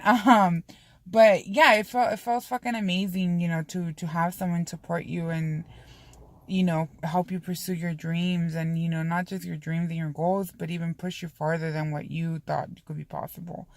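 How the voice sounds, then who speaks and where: A woman's voice: fairly low pitch, steady tone, moderate pace, no echo. A woman vlogging in a casual, confessional way, rambling candidly with frequent swearing and lots of "you know" and "um". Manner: heavy use of fillers like "you know" and "um".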